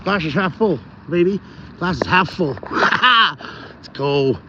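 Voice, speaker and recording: A man's voice: fairly high pitch, lively intonation, slow. A man streaming live from his phone while walking his dog outdoors, rambling casually and talking straight to his viewers. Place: outdoors on a rainy city street. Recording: dull phone audio with street noise.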